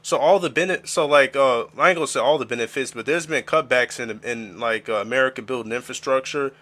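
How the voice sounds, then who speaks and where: A man's voice: medium pitch, a little fast, a bit bright. A man streaming casual reaction chat, rambling with crude jokes and lots of fillers.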